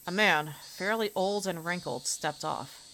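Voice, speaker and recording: A woman streamer reading a visual novel aloud, keeping the narration even and breaking into casual, expressive asides. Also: lowish voice, measured pace, a little hiss or hum.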